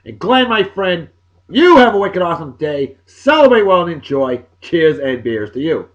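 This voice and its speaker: Man, 40s, somewhat high voice, jokey, loud bursts and mumbled asides, casual vlog shout-outs. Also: sing-song, moderate pace, dull audio. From Massachusetts, USA. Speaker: video blog host.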